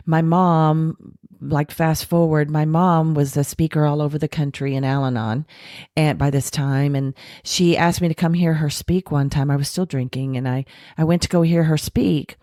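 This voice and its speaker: A woman with a notably deep voice recounts her past with blunt candor, animating the people she quotes. When she makes a point she slows and softens her delivery. The sound is dry and close, with no room around it. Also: no room sound. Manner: frank, animated retelling with acted quotes and self-deprecating laughs. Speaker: podcast guest. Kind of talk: candid recovery storytelling.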